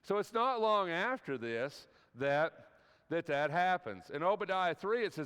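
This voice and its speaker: A man's voice: sits high, animated, unhurried, fairly bright tone, clear, resonant tone. A man teaching an evening Bible class at a church, talking conversationally and often checking in with his listeners. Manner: conversational, keeps checking in with "right?". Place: church hall. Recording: long hall reverb.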